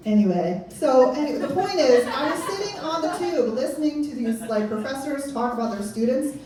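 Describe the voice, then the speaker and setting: A woman in her thirties doing stand-up comedy in a club, her slightly high voice rambling and self-mocking. She is caught from far off in a very echoey room. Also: lively intonation, fairly quick, few pauses, crowd noise. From Pennsylvania. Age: 30s. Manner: rambling, self-mocking, laughing at own jokes.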